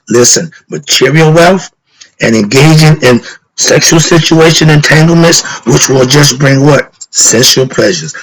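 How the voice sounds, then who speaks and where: Husky preachy man asking himself questions. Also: medium pitch, fairly bright tone, poor audio. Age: middle-aged or older. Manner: preachy, asks rhetorical "what?" questions and answers them; casual slang, gets worked up. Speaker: philosophy talk host. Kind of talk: spiritual lecture monologue.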